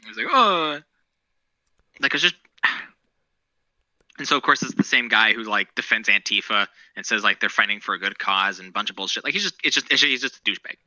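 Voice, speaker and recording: A podcast co-host with a fairly low, sharp-toned voice chats casually and a little fast about current events. He's rambling, profane and opinionated. The recording is rough, with no room sound.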